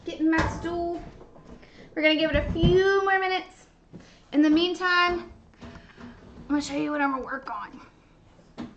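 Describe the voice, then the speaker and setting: A woman's voice: very high voice, measured pace, long pauses, fairly bright tone, slight background noise. A young woman hosting a live baking demonstration, chatty and bubbly as she talks to her viewers from a kitchen. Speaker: baking show host. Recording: dull lo-fi stream audio.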